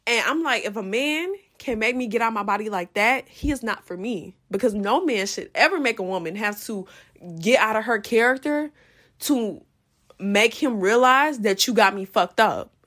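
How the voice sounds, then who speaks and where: A young woman tells a personal story on her podcast in a loose, casual flow. Her voice sits a little high, and her delivery is animated and profane. Now and then she jumps into loud re-enacted quotes. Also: moderate pace. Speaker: podcast host.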